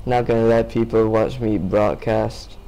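A man's voice: fairly low pitch, steady tone, a little slow, vocal fry, warm tone, rough recording. A sleepy young man commenting casually on his gameplay, rambling to himself and swearing. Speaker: gamer.

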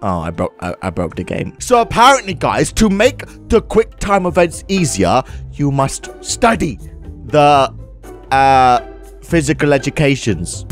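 A man's voice: very animated, measured pace, soft background music. A man doing crude, rowdy comedic commentary over a video game. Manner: crude, rowdy, swings wildly in pitch. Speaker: gaming commentator. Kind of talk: comedic let's-play commentary.

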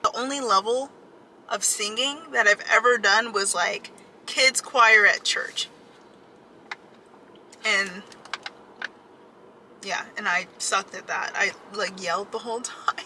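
Bright-voiced young woman vlogging from a car. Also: mid-range voice, slow, long pauses, slight background noise, low-quality recording. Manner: chatty, giggly, lots of filler "like". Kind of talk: casual vlog chat. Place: inside a parked car. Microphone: dashboard camera.

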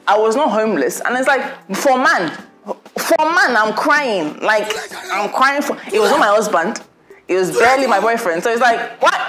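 Chatty young woman vlogger, laughing often. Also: medium pitch. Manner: chatty, laughing, preachy encouragement. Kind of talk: casual advice vlog talk.

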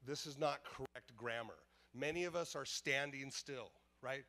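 A man's voice: medium pitch, normal speed, bright, forceful tone. A man preaching a sermon as pastor, emphatic and repetitive, calling out questions to the congregation. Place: church service.

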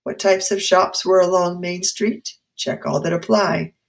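A woman's voice: fairly low pitch, steady tone, unhurried. A female teacher reading a chapter book aloud for a class, stopping to quiz and explain. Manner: clear, explaining, quizzing.

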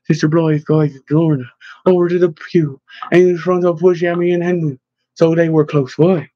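A man narrating an audiobook in a measured, gentle way. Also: on the high side, steady tone, no room sound. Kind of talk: scripted narration. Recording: slightly dull, dry recording.

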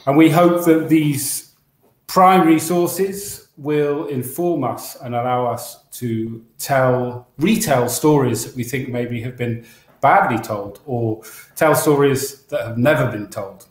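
A man's voice: medium pitch, slow pace. A man from England co-hosting a casual chat show, enthusiastic and rambling, with many restarts. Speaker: podcast co-host. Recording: roomy echo.

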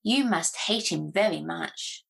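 A woman's voice: fairly low pitch, expressive, slow, vocal fry, breathy edge, full character voice, low-quality recording. A woman voicing an ancient, toothless female witch who mocks and probes with sly questions. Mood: probing.

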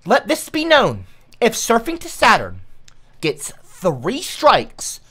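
A man livestreaming, scolding his chat like a mock teacher, shifting from shouts to slow hushed lecturing. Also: very high voice, huge pitch swings, slightly rough. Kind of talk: ranting livestream talk.

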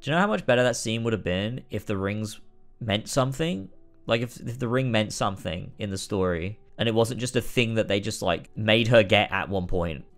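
A man streaming a game, rambling commentary that breaks into shouting rants. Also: lowish voice, normal speed, soft background music. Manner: rambling, many restarts, bursts into shouting rants. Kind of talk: casual let's-play commentary.

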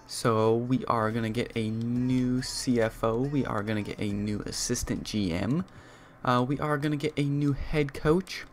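A man's voice: mid-range voice, fairly even intonation, a little slow, a little hiss or hum. A young man giving casual gameplay commentary, thinking aloud with frequent fillers as he talks through his moves. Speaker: gaming youtuber.

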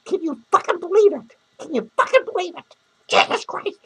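Man playing Penny, a shrill foul-mouthed clown. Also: animated, normal speed, fairly bright tone, exaggerated voice, rough recording. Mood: ranting. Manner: crude, rambling rants full of cursing and cackling laughs. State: hungover. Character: foul-mouthed, lonely, hungover female clown. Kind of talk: comedic character monologue.

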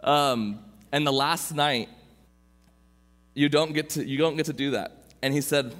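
A man's voice: a little high, a little slow, fairly bright tone. A young adult man preaching as a youth pastor, telling a personal story informally with restarts. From Southern California. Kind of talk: sermon. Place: church sanctuary. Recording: long reverb from a church hall.

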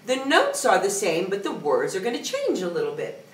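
A woman music teacher leading a singing lesson, singing short phrases and then coaching in a soft, brisk speaking voice. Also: a little high, wildly swooping pitch. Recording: roomy sound from a distance, piano behind. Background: piano.

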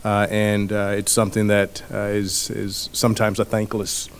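Earnest halting man with flat delivery. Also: lowish voice, a little hiss or hum. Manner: halting, many filler words, earnest. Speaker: school superintendent. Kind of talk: formal address at a meeting.

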